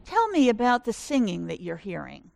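A woman voicing a kindly, curious male doctor in a sermon story, explaining calmly and gently. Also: on the high side, moderate pace, gravelly, no room sound, heavily acted. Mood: gentle.

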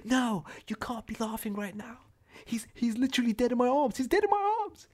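A man doing a shrill panicked young guy. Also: very animated, fairly quick, a little mellow, full character voice. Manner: frantic and shrill. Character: panicked young man insisting his friend died.

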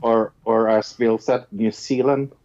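Slow-talking Norwegian man, dull sound. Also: mid-range voice, fairly even intonation, darkish tone. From Norway. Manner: slow, laughs often, blunt and swearing. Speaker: podcast co-host. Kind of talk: casual chat.

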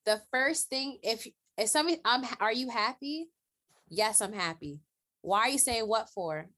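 Expressive woman reacting in casual chat. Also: on the high side, normal speed. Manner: expressive, reacts with gasps and laughs. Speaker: podcast co-host.

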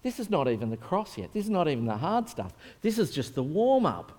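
Earnest preacher in a big echoing hall. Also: male voice, fairly high pitch, very animated, brisk, darkish tone. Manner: earnest, conversational with vivid retelling. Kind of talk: sermon. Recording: long reverb in a large hall.

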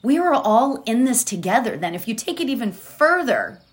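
A woman giving a slow, gentle inspirational talk that moves into a guided meditation. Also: on the high side, very animated. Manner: slow, gentle, drawn-out phrasing with soft laughs. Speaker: spiritual speaker leading a meditation.

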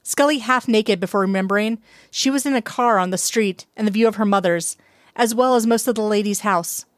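Woman, story narrator, steady reading, mid pitch, dry sound. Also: fairly quick, no echo. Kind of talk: reading fan fiction aloud.

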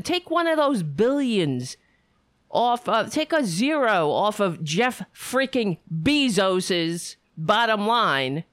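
A woman's voice: medium pitch, no echo. A woman hosting her own show, ranting sarcastically and rambling through thanks to her supporters. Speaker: show host. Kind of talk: ranting livestream monologue.

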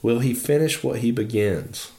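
A man's voice: mid-range voice, normal speed, a little mellow, natural voice. A man reading the lines of an ancient small alien master, stern and patient, in clipped phrases with inverted word order.

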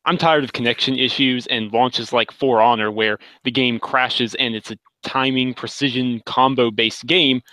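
A man's voice: mid-range voice, fairly even intonation, normal speed, few pauses, bright, forceful tone, no echo, poor audio. A man co-hosting a gaming podcast, venting with frustrated energy. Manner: frustrated ranting. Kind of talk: casual chat.

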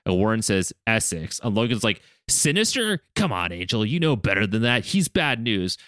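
A man with a fairly low voice, speaking at normal speed, co-hosts a podcast and animatedly retells an episode in casual chat, acting out the characters' lines as he goes. Clean studio sound, no room noise.

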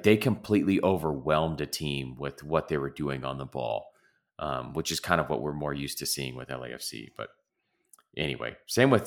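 This co-host has an extremely low yet slightly bright voice as he chats about soccer on a casual podcast. He rambles, cuts himself off, and restarts frequently.

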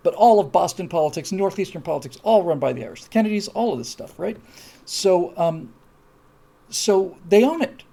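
A man's voice: high voice, animated, normal speed, creaky, dark tone. A man hosting a live stream, reading out viewer comments in a casual, wry, digressive chat that often breaks off and restarts. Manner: wry, digressive, self-interrupting.

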